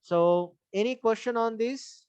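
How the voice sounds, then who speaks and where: A man's voice: very high voice, unhurried, a little mellow, clear, resonant tone, no room sound. A man with an Indian English accent teaching an online English class, patiently repeating points and spelling words out letter by letter. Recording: dull lo-fi sound.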